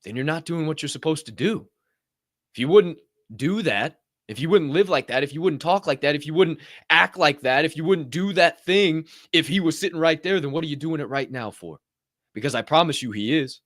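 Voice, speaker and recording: Intense, preachy man, higher voice. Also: lively intonation, brisk, a bit bright, no room sound, clean studio sound. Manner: intense, preachy, swears freely. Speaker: podcast host. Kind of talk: motivational podcast talk.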